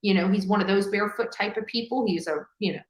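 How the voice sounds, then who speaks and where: A woman hosting a true-crime video, rambling with halting fillers and restarts. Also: mid-range voice, roomy sound, poor audio. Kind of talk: rambling livestream commentary.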